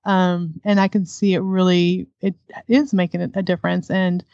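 A woman's voice: on the low side, flat delivery, normal speed, mellow, no room sound, highs cut off. A woman guest, an adoptive homeschooling mother, speaking candidly in a conversational interview and laughing often.

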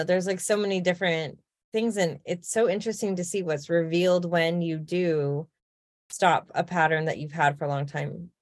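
A woman's voice: fairly low pitch, dry recording, clean studio sound. A woman co-hosting a podcast, reflecting in casual chat and thinking aloud with fillers. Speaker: podcast co-host.

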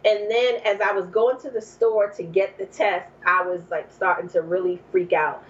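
A woman, a mother in her thirties or forties, telling a personal story as a guest, leaping to high exclaims when she quotes herself. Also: steady tone, normal speed, recorded from a distance. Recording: dull lo-fi recording.

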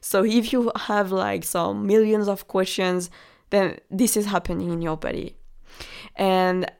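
A woman's voice: mid-range voice, steady tone, measured pace, creaky, a little mellow, clean tone. A woman with a French accent, hosting a motivational podcast as a relationship coach and speaking in an encouraging way straight to the listener. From France.

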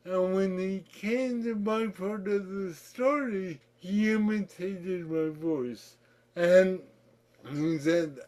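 A middle-aged man telling his own story in slow, effortful speech shaped by cerebral palsy, candid and reflective. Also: high voice, a little mellow. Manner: candid, reflective, breaks into laughter. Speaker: podcast guest. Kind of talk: personal storytelling.

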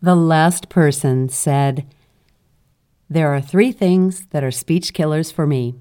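A woman's voice: sits low, slow pace, dark tone. A woman hosting a solo podcast about voice and speaking, talking conversationally and reading out listener comments with playful emphasis. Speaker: podcast host and voice coach. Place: studio.

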